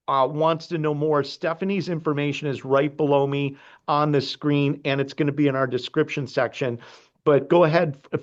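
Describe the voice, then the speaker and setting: A man hosts a podcast over a video call in casual conversation, sounding earnest and effusive. His voice is medium-pitched, and the recording has its highs cut off.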